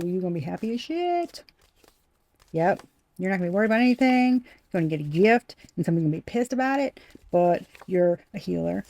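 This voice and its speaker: Mellow-voiced, profane woman tarot reader. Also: fairly low pitch. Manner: blunt and profane, repeats phrases for emphasis; talks straight to the viewer as "you". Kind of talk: casual spoken tarot reading.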